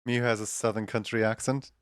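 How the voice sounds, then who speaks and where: A man's voice: fairly low pitch, level tone, fairly quick, no room sound, clean studio sound. A man with a Central European accent, chatting casually to his livestream while drawing, rambling and talking to himself with filler words. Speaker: streamer.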